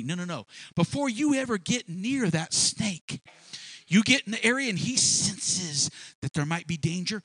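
A man preaching a sermon as pastor, animated and folksy, acting out animals as he makes his points. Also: sits high, unhurried, husky, no room sound. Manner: animated preaching with sound effects.

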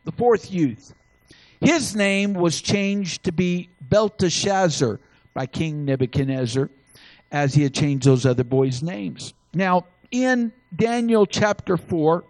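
A man's voice: on the high side, dry recording, rough recording. A man preaching a sermon, telling folksy stories with frequent restarts. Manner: folksy storytelling with many restarts.

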